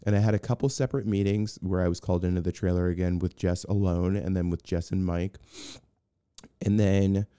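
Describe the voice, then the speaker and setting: A man's voice: low-pitched, steady tone, brisk, dark tone, clean tone, dry recording. A man telling a long story in a casual interview, rambling with restarts and acting out what others said. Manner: rambling, many restarts, acts out quoted voices. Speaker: guest, film personal assistant.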